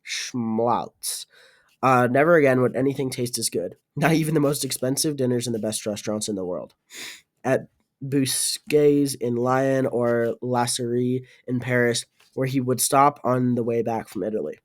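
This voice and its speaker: A man narrating an audiobook, reading in a halting way with fillers and restarts. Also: medium pitch, steady tone. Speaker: audiobook reader.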